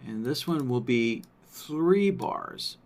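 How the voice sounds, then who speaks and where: Slow, thinking-aloud male workshop presenter. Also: medium pitch, lively intonation. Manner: thinks aloud, frequent "right?" check-ins. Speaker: trading software workshop presenter. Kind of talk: live screen-share software walkthrough.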